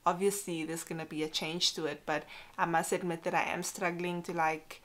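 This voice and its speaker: Chatty young woman vlogging, slightly low. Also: little pitch movement, normal speed, fairly bright tone. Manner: chatty, candid, frequent "like" and "you know". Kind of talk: casual personal vlog.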